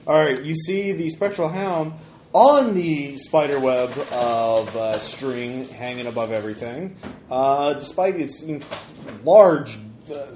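Male game master, halting narrator, echoey room recording. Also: mid-range voice, a little mellow. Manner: halting, with many ums and uhs. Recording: echoey room with faint noise.

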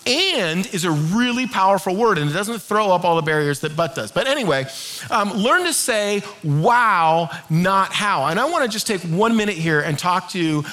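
Middle-aged guy preaching a sermon, high bright voice, gets the crowd to answer back. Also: moderate pace. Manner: lively, leads the congregation in call-and-response. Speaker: pastor.

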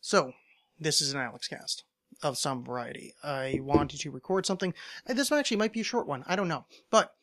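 A man's voice: a little high, fairly bright tone. A man from the United States hosting his own podcast, talking alone into a microphone in a rambling, self-deprecating way with wry asides. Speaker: podcast host. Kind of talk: solo casual monologue. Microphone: home podcast microphone.

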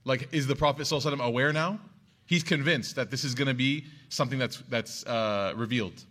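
Male storyteller, mid-pitched, casual and chatty delivery for a story lesson. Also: fast talker, fairly bright tone. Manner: conversational, loose, lots of "you know" and "like". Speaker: religious storyteller. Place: at home with his child nearby.

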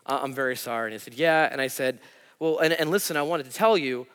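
Guy pastor preaching, self-deprecating storytelling, bright voice w/ a long echo in a big church. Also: fairly high pitch, brisk. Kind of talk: sermon. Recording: church hall reverb.

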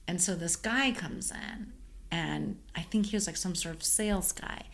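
A woman caterer chatting casually and telling an animated story, full of "like" fillers. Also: lowish voice, normal speed, gravelly. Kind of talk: casual chat.

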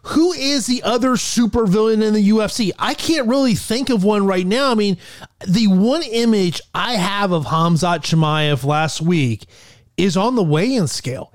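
A man with a high-pitched voice co-hosting a casual fight-sports podcast. He talks loosely and leans on "like" fillers and restarts. The recording is dry and close-miked. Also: no echo. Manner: chatty, with many "like" fillers and restarts. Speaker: podcast co-host. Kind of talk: casual MMA podcast chat.

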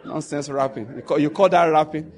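A middle-aged Nigerian man with a Nigerian accent telling stories in a casual monologue, animated and laughing as he jumps into quoted pidgin. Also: on the high side, a little fast, a faint crowd.

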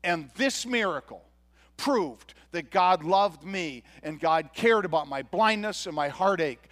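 A man's voice: sits high, expressive, a little slow, fairly bright tone. A pastor playing a once-blind man who was healed, telling his own story in an earnest first-person sermon monologue. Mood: grateful. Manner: earnest storytelling with quoted dialogue.

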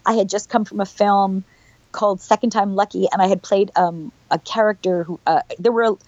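Bubbly middle-aged actress, dry lo-fi sound. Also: female voice, mid-range voice, steady tone, normal speed, a little mellow, no room sound. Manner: bubbly, chatty, laughs often, rambling restarts. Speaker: actress guest. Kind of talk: casual interview chat.

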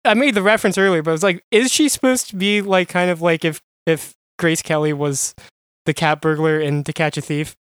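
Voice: mid-range voice, steady tone, fairly quick, fairly bright tone, clear, resonant tone, no room sound, clean studio sound. A co-host in a casual comic book podcast, musing thoughtfully and dropping film references.

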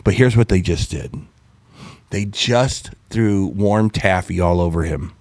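A man co-hosting a casual political talk show, animated and rambling as he riffs on the news. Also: measured pace, dry recording. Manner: animated, rambling, drops into a mock deep voice for quotes. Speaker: co-host. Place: small studio with a window.

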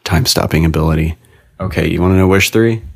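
A man's voice: low voice, fast talker, gravelly. A man from Oklahoma, a dad co-hosting a podcast, chatting casually and playing along in goofy make-believe games. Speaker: podcast co-host, father. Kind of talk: casual playful chat.

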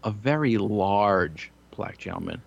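A man's voice: lowish voice, lively intonation, measured pace, creaky, husky, dull audio. A man in his thirties telling crude, rambling, self-mocking stories in casual chat. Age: 30s.

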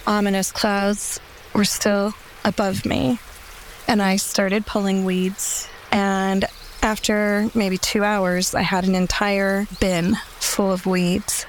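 A woman with a gravelly, fry-laced voice at a middle pitch recounts a mishap of her own. She tells it wryly and pokes fun at herself, taking her time. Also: a little hiss or hum, low-quality recording. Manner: wry, self-mocking, unhurried. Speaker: listener telling a story. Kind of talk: casual personal storytelling.

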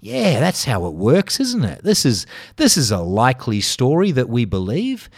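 A man's voice: mid-range voice, wildly swooping pitch, moderate pace, gravelly, slightly rough, dry recording, clean studio sound. A middle-aged Australian man hosting a solo podcast, ranting sarcastically with lots of swearing. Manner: sarcastic, profane, exasperated ranting. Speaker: podcast host.

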